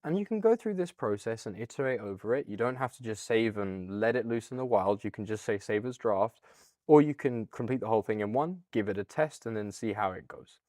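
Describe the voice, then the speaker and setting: A man with a British accent hosting a casual, upbeat software walkthrough, chatty with a few fillers. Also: lowish voice, expressive, fairly quick, dry recording, studio quality. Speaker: product demo host.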